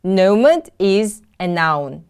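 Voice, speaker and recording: Slow, clear-spoken woman teacher. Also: medium pitch, big pitch swings, darkish tone. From Kyrgyzstan. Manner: repeats each word twice, patient drilling. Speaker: English teacher. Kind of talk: slow, clearly enunciated classroom lesson.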